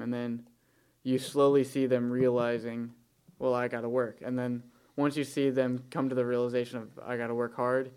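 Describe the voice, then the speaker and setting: A man's voice: medium pitch, a little mellow, smooth. A young man talking bluntly and jokingly as a guest on a podcast.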